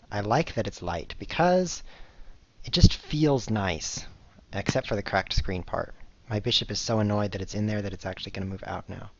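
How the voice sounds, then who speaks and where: A man streaming chess live, chatting casually to viewers in a rambling, self-mocking way as he plays. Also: fairly low pitch. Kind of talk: casual live-stream commentary while playing. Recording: dull lo-fi recording with faint noise.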